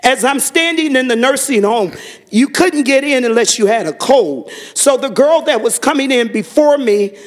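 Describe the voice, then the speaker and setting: A man giving a fervent testimony to a church congregation, telling a story and breaking into shouted praise. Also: extremely high pitch, lively intonation, moderate pace.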